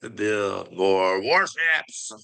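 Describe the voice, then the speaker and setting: A man's voice: on the low side, lively intonation, drawn-out words, creaky, sharp tone, full character voice. A man putting on a gloating, jeering God. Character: mocking God cheering on war, male.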